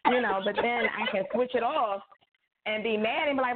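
A woman's voice: fairly high pitch, normal speed, background noise. A woman author chatting casually, telling stories and acting out quoted lines with laughter. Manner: animated storyteller, acts out quotes, laughs often. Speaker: guest author. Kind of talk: casual chat. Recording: tinny phone-like line.

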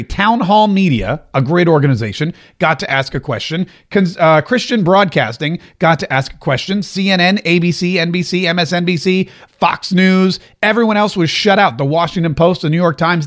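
A man's voice: high-pitched, a little fast, hardly any pauses, a bit bright. A man hosting a political commentary show, talking casually and animatedly, often stumbling over and repeating words.

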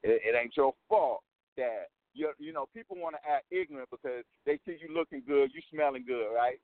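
A man's voice: medium pitch, fairly quick, no room sound. A man who works as a motivational coach, telling a story in an interview in an emphatic way, repeating his points and checking in with the listener. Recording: dry phone-line sound.

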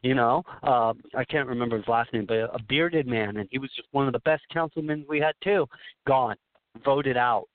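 A man's voice: mid-range voice, normal speed, a little hiss or hum. Man from Southern California on a phone line. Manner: rambling, emphatic storytelling with many restarts. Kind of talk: talk radio conversation. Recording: dry tinny phone line.

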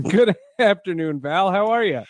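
A man's voice: high-pitched, lively intonation, no room sound. A man hosting a podcast, chatting casually and joking with his co-host. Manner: joking, quick banter.

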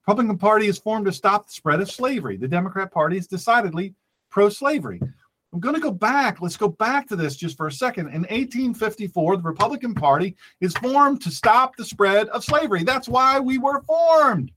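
A man's voice: high voice, expressive, brisk, fairly bright tone. A man, a pastor hosting an online show, giving emphatic commentary that repeats its points and calls the listeners folks. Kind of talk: animated political commentary.

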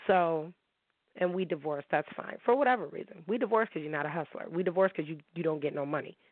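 A woman's voice: low-pitched, quick pace, no room sound. A woman from upstate New York hosting her own talk show, telling her listeners about her divorce in a candid, heated way and often asking if they understand. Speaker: podcast host. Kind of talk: emotional personal monologue to listeners. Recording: thin phone-like dry recording.

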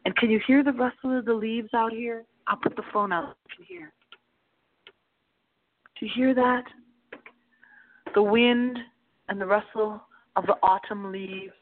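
A woman's voice: a little high, steady tone, unhurried, pauses often. A woman hosting a late-night radio show, talking in a theatrical, playful, giggly way as she tells a story. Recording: tinny phone line.

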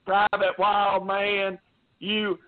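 A man voicing a gruff male army drill sergeant who barks threatening orders, heard over a phone line. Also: sits high, monotone, extremely slow. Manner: barking, threatening commands.

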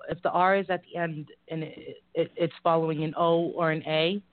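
A woman's voice: sits low, fairly even intonation, moderate pace, no echo. A woman with a Boston-area Massachusetts accent co-hosting a casual live talk show, rambling, frank and giggly. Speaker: co-host. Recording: tinny phone-like audio.

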